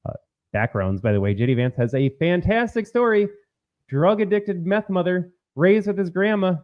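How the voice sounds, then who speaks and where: A man's voice: on the high side, no room sound, dull audio. A man hosting an opinionated political commentary, talking emphatically to his viewers and repeating his points.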